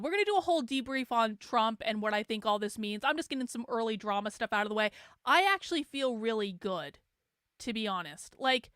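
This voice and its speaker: A woman's voice: on the high side, sharp tone, no room sound, studio quality. A woman host talking casually and animatedly on her livestream, laughing often and admitting she is hungover. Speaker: show host.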